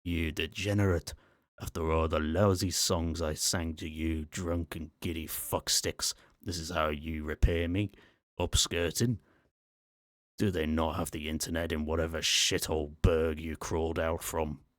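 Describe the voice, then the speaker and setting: A man's voice: rumbling low, level tone, unhurried, a bit bright, dry recording, clean studio sound. A man voicing a furious, foul-mouthed male mascot robot with a Scottish accent, snarling and menacing, in an ASMR story reading. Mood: enraged.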